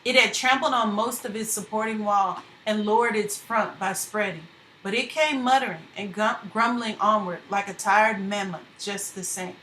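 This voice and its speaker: A woman reading a novel aloud with steady, measured narration. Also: medium pitch, a little hiss or hum. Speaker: reader. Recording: echoey room.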